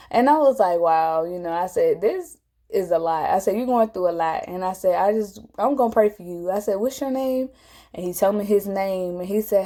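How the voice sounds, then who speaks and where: A woman telling a personal story to camera, animated and emotional, her voice jumping high when she quotes herself. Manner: animated, jumps high when quoting herself, tearful at moments.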